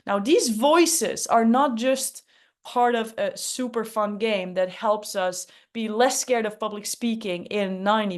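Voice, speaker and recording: Casting: upbeat, emphatic woman hosting a workshop, mid-high voice. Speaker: workshop host. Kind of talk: online workshop teaching.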